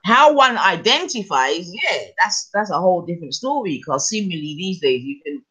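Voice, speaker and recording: Man, podcast co-host, thinks out loud, keeps asking if you follow. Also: high voice, sing-song, normal speed, breathy edge. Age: adult with children. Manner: musing aloud, keeps checking the listener follows. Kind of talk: casual chat.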